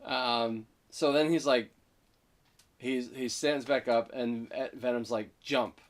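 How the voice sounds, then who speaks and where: Man co-host recapping a movie in casual chat, excited, mid-pitched, breaks into quick character voices. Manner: excited retelling, acting out lines with quick voice switches.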